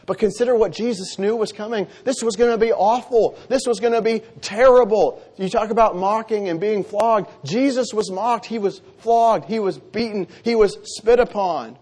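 Male preacher, high-pitched, earnest and emphatic, delivering a scripture sermon. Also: brisk, a little mellow. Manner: earnest, emphatic, dropping low for solemn lines.

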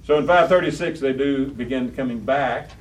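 A man with a mid-range voice and moderate pace runs a Bible study class. He quizzes the group and repeats important phrases emphatically, captured in a distant, roomy recording with faint room noise.

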